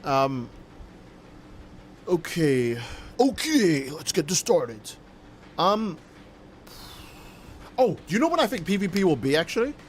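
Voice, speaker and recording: A man's voice: a little high, big pitch swings, slow, long pauses, a little hiss or hum. A man livestreaming a game, chatting casually and playfully with his viewers in a rambling way. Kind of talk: casual livestream chat while gaming.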